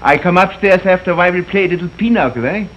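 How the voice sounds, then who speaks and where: An actor playing a kindly, worried middle-aged widowed shopkeeper in a 1930s film, soft-spoken with broken English phrasing. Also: male voice, high-pitched, fast, a little hiss or hum. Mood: gentle. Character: kindly widowed merchant father, fretful. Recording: muffled early sound film.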